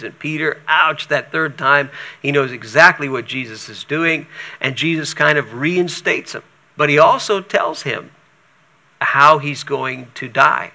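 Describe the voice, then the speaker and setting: Guy teaching bible stuff, reads the verses then chats about them, gravelly voice, kinda bright. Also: on the high side, measured pace. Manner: reads scripture aloud then adds casual asides.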